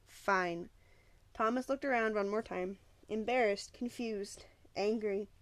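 A woman narrating a novel aloud with steady storytelling and occasional small slips. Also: fairly high pitch, a little slow, no echo. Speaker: audiobook narrator.

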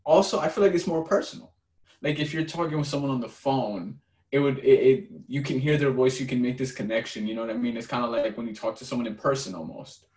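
Young male podcast co-host with a mid-range voice, chatty and excitable, recorded with audible room echo. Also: medium pitch, fast, recorded from a distance. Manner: animated, laughs often, stammers. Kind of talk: casual chat. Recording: echoey room.

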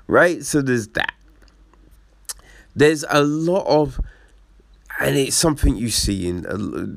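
A man giving casual commentary as a reviewer, swearing and acting out quoted lines in an animated way. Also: medium pitch, creaky, no echo, clean studio sound.

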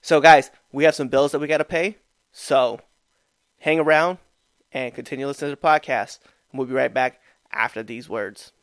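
A man's voice: medium pitch, fairly even intonation, moderate pace, fairly bright tone, dry recording, clean studio sound. A man co-hosting a casual sports podcast, talking loosely with many fillers and restarts. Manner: loose, rambling, lots of fillers. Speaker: podcast co-host. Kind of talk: casual chat.

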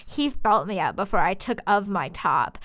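A woman's voice: medium pitch, lively intonation, moderate pace, fairly bright tone. A woman reading fan fiction aloud with mock drama, swearing and laughing as she goes. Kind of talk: comedic dramatic reading and banter.

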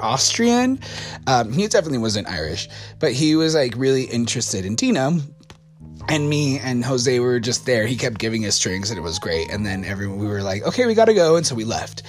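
A man's voice: mid-range voice, lively intonation, normal speed, faint music behind. An American man casually telling a personal story, rambling and correcting himself with lots of fillers. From United States.

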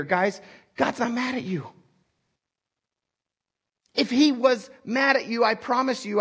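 A male pastor delivers an animated, conversational sermon, often turning to the congregation with direct questions. His voice sits fairly high and carries a husky, breathy texture.

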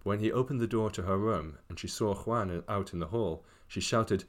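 A man's voice: fairly low pitch, moderate pace, few pauses. A man narrating a comic story with wry, casual asides.

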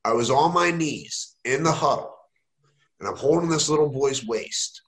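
A man who coaches youth football, telling stories in casual conversation with animated swings in his voice. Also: normal speed. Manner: animated, jumps in pitch when telling a story. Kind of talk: casual conversation, anecdotal storytelling. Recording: echoey room.

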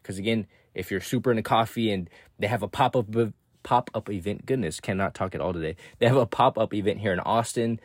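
A man's voice: on the low side, brisk, dry recording, studio quality. A young man hosting a solo podcast, talking loosely and rambling, swearing often and checking in with "right?" after every point. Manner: loose, profane, repeats "again" and "right?". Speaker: podcast host. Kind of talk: casual solo podcast talk.

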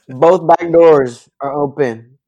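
A man's voice: on the high side, extremely slow, dark tone, muffled recording. Teasing, foul-mouthed podcast host man. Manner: teasing, profane, pushes friend to tell the story. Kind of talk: casual chat.

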